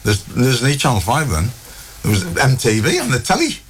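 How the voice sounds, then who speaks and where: A middle-aged man with a North East England accent, a guest telling lively anecdotes in an interview. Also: medium pitch, normal speed, slight background noise. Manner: lively storyteller, animated quoted dialogue. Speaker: guest, former footballer.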